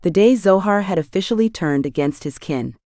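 A woman's voice: medium pitch, expressive, a little fast, warm tone, dry recording, studio quality. A woman reading a first-person fantasy audiobook with a tense, dramatic delivery. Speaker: audiobook narrator.

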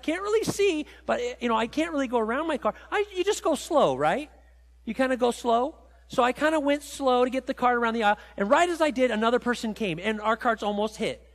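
A male pastor with a notably high voice delivers a sermon in a church. He swings between excited, climbing storytelling and hushed, low reflection. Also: long reverb tail. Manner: animated storytelling, rising high when excited, dropping low and quiet for reflection. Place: church sanctuary.

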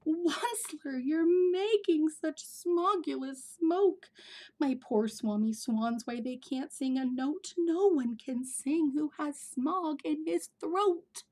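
A woman reading a storybook aloud, voicing a grumpy small old male forest creature who scolds in indignant, breathy whispers. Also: sits high, measured pace, dark tone, voice pushed up. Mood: scolding.

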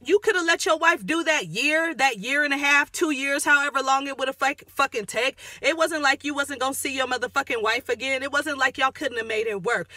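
Sassy woman doing a reality tv rant, cussing a lot, high bright voice, sometimes gets real quiet. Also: dry recording, clean studio sound. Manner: sassy, profane, dramatic asides; drops voice low and quiet at times. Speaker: reality TV recap vlogger. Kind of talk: ranting recap commentary.

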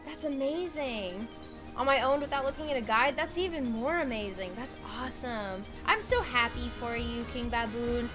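Chatty young woman streamer, high voice. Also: animated, moderate pace. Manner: chatty, giggly, chats with viewers and reads game lines aloud. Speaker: game streamer. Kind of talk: casual live gameplay commentary. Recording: game music playing under the voice.

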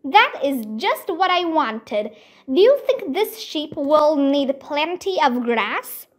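A woman's voice: sits high, big pitch swings, takes it slowly, exaggerated voice. A woman reading a children's audiobook aloud and voicing a tiny boy prince from another world who is earnest, insistent and politely pleading. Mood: delighted.

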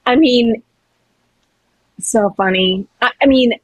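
A woman guest on a podcast, chatting casually and gushing warmly about her castmates. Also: fairly high pitch, slow pace, no room sound, lo-fi sound. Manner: warm, gushing and friendly. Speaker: guest actor. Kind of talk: casual chat.

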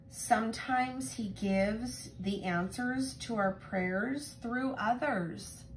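A woman telling a Bible story to young children in a gentle, expressive way, often asking them questions. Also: medium pitch, creaky, slight background noise. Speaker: children's Sabbath school teacher.

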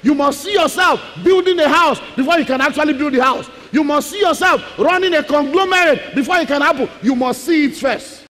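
A man's voice: extremely high pitch, fairly quick, hardly any pauses, sharp tone, shouting, some chatter behind. A male pastor preaching emphatically, repeating key lines and calling out to the congregation. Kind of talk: preaching sermon. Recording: long reverb of a large hall.

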